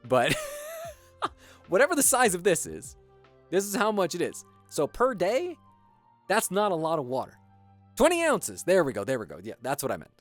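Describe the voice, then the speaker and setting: With huge pitch swings, normal speed, and long pauses, this mid-range voice comes from a US streamer, faint music in the background. They ramble casually while building on a livestream, swearing and filling gaps with fillers.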